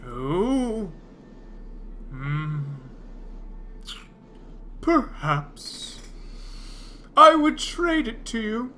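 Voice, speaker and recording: A man voicing a sleepy, lonely giant clam that speaks slowly and theatrically. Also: a little high, pushed and bright, slight background noise, heavily acted. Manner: drowsy, drawn-out, theatrical.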